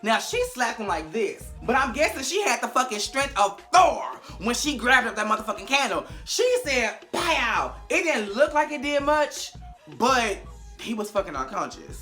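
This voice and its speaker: Animated, foul-mouthed young woman recapping TV. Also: on the high side, moderate pace, faint music behind. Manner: animated, profane, acts out scenes with big vocal swings. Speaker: TV recap vlogger. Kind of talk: casual recap commentary to camera.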